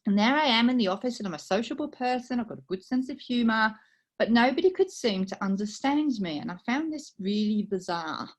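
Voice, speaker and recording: A middle-aged woman with a British accent and a faint Australian twang, soft-spoken, telling a personal story to a speaking club over a video call. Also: a little high, expressive, brisk. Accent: British with a slight Australian twang. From United Kingdom. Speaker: guest speaker.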